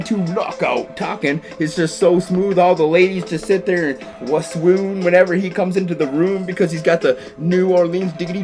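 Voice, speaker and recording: Goofy man commentating chess over music. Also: fairly high pitch. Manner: goofy, peppers speech with rhyming nonsense words. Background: clear background music.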